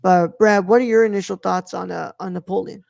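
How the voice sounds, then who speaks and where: A woman's voice: mid-range voice, steady tone, brisk, creaky, darkish tone, no echo, dull audio. A woman co-hosting a podcast, talking casually and slangily about a film, with some profanity. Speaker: podcast co-host. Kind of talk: casual film review chat.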